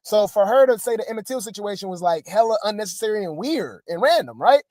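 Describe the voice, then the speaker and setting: A man's voice: sits high, animated, quick pace, a little mellow, dry recording. Rambling male gossip commentator, dry sound. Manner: rambling, hesitant, many fillers and asides to viewers. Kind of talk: casual reality TV commentary.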